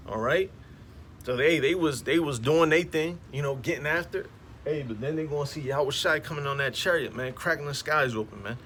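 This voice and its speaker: A man's voice: on the high side, a little fast, a bit bright, slight background noise. Slangy emphatic street-preaching man. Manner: slangy and emphatic, peppered with "man, all right?". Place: outdoors on a street with passing traffic.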